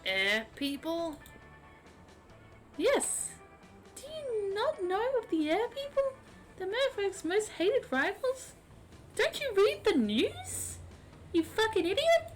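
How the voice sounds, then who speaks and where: A woman voicing a haughty young merfolk princess, shrill and indignant, shouting insults while reading game dialogue aloud. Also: sing-song, takes it slowly, pauses often, soft background music, full character voice. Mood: imperious.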